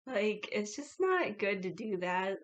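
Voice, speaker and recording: Woman vlogger, unhurried, mid-pitched, filler-heavy confessional chat. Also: big pitch swings. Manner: reflective, heavy "like" fillers, laughs between thoughts. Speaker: YouTuber. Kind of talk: casual confessional vlog talk.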